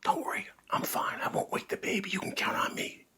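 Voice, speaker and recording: A man voicing a flustered, clumsy young father in a children's story, panicky and sometimes hushed. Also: sits high, fairly quick, slight background noise, pitched above the performer's own voice, natural voice. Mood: whispering. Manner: panicky, hushed then yelping.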